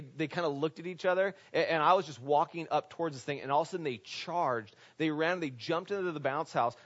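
A man with a fairly high voice preaches to his congregation in an animated, conversational way. He keeps asking them rhetorical questions. The recording sounds dull and lo-fi. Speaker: pastor. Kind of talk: conversational sermon.

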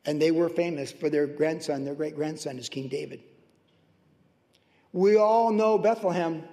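High-voiced pastor in a reverberant church. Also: male voice, normal speed. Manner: passionate, swings from loud to hushed. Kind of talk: sermon. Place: church sanctuary.

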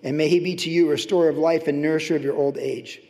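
A man preaching a sermon as pastor, swinging between loud, animated highs and hushed, tender lows. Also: fast. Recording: long reverb of a large hall.

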